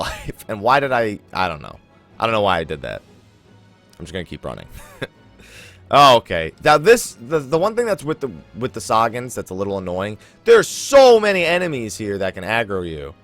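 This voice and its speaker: A young man hosting a let's play, commentating his gameplay in an animated, chuckling, self-mocking way, with faint game music behind him. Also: on the low side, a little fast. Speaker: gaming channel host.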